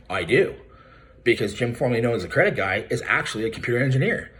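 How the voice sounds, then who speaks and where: This is an angry vlog rant by a YouTuber calling out a credit repair business, speaking straight to camera and addressing the target by name. His mid-range voice has lively intonation and a fairly quick pace, and he's profane, confrontational and mocking.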